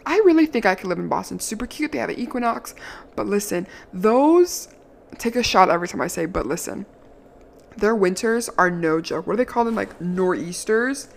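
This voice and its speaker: A young woman from the D.C. area spins a casual vlog story at mid pitch. She is chatty and animated, with plenty of "like" fillers and the occasional curse. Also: a little fast, creaky, slight background noise. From Washington, D.C. area. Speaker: vlogger.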